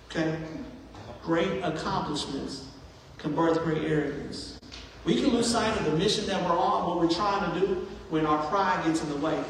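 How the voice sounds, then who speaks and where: A man preaching a sermon as pastor, talking conversationally and acting out voices in quick asides. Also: a little high, a little hiss or hum. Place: church sanctuary. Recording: echoey hall from far off.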